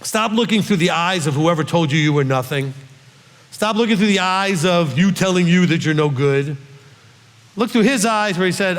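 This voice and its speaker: Earnest high-voiced man teaching in a reverberant hall. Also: normal speed. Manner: earnest, coaxing, checks in often with the listeners. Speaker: rabbi teaching a congregation. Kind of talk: conversational Bible teaching.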